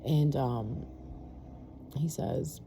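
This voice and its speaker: A woman's voice: very deep voice, lively intonation, extremely slow, creaky, warm tone, slight background noise. A woman telling a personal story in a rambling, casual way, full of fillers and restarts.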